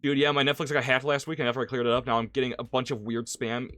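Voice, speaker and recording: A man with a bright, forceful voice talks casually over a gaming stream. He rambles, restarts his sentences and curses freely, at a middling pitch, with faint game music behind him. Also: quick pace, no room sound. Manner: animated, rambling with restarts and frequent cursing.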